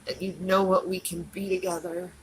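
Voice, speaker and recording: A woman's voice: lowish voice, level tone, normal speed, slight background noise, rough recording. A woman speaking alone on a livestream, tearful and pleading, repeating herself over and over. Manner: pleading and repetitive. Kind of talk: emotional livestream monologue.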